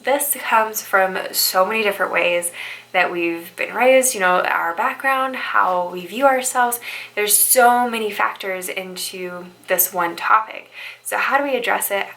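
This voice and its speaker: A woman's voice: mid-range voice, unhurried, vocal fry, sharp tone, rough recording. A young woman who works as a bridal stylist, giving upbeat, chatty motivational advice and often checking in with "right?". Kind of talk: motivational vlog talk.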